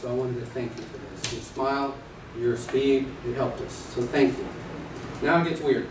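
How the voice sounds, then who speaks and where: A man teaching a live class of real estate agents, playful and energetic, acting out little scenes and quizzing the audience. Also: medium pitch, moderate pace. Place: training room with an audience. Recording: echoey room, distant mic, noisy.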